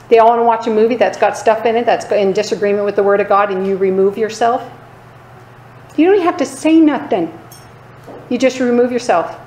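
A woman teaching a sermon with emphasis, keeps asking her listeners "right?" and drops into lower, quieter voices to act out other people. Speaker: Bible teacher. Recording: echoey room, faint background noise.

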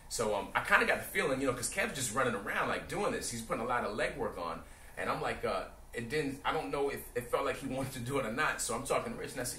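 A man's voice: on the low side, quick pace, pushed and bright. A man in his forties casually telling a story to the camera and acting out phone calls with friends in other voices. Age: 40s. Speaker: reunion organizer. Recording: roomy, from a distance, light background noise.

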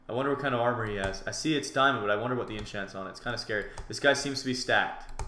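An excitable man commentating live over his own gameplay, his voice bright and forward, recorded in an echoey room. He jokes his way through menus in a low mutter and bursts out loud when a fight turns his way. Keyboard clatter sits behind him. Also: rapid-fire. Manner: excitable, jokey, swings from muttering to shouting in fights. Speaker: gaming commentator.

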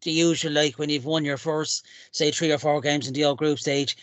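Guy hosting a fan podcast, chatty, slightly higher voice, dry close sound. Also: steady tone, moderate pace, no echo. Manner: chatty, laughs easily. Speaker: podcast host. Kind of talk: casual chat.

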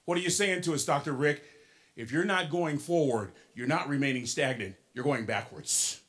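A man in his sixties giving a motivational keynote to young people, preaching to the crowd, calling out to them and swinging between soft and shouted lines. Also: fairly high pitch, normal speed. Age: 60s.

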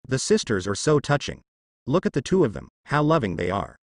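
A man narrating translated web fiction in a steady reading voice. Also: mid-range voice, brisk, no echo, clean studio sound.

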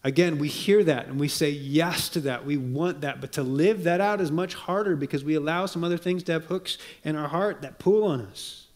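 Guy preaching, kinda high voice, gets quiet and low to hit a point. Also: normal speed, few pauses. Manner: earnest preaching, drops to soft low tones for emphasis; reads quotations aloud. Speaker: pastor. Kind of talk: sermon.

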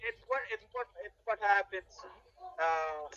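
A man talking in a casual watch-along chat, halting and full of fillers. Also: sits high, highs cut off, a crowd in the background. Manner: halting, with many fillers and restarts.

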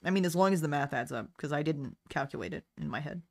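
A woman's voice: sits low, expressive, quick pace, no room sound. Playful woman streamer, dry close mic. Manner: playful, breaks into sung snatches. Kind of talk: casual stream chat.

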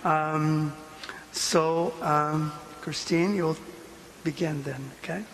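A man's voice: fairly high pitch, fairly even intonation, takes it slowly, very noisy. A man making parish announcements and introducing a speaker, hesitant and full of fillers. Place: church. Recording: reverberant church with crowd.

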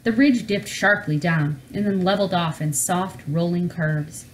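A woman reading a children's storybook aloud in an expressive, animated way. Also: lowish voice, normal speed, a little hiss or hum, poor audio. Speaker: storybook reader.

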